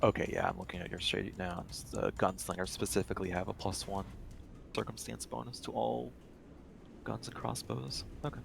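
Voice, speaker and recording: Gravelly low-voiced game master. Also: male voice, level tone, moderate pace, a little hiss or hum. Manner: upbeat, laughs often. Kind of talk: running a tabletop game.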